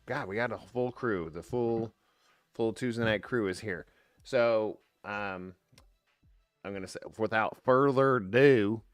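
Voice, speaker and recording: A man's voice: on the low side, a bit bright, clean tone, dry recording. A man hosting a tabletop game livestream, opening the show in a loose, upbeat way with plenty of ums. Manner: upbeat, loose, filler-heavy. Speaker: stream host. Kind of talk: casual livestream intro.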